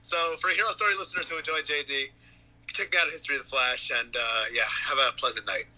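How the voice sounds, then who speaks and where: A man's voice: on the high side, fast, bright, forceful tone, low-quality recording. A man co-hosting a podcast, calling in by phone, joking wryly in casual chat. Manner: wry, joking sign-off. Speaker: podcast co-host.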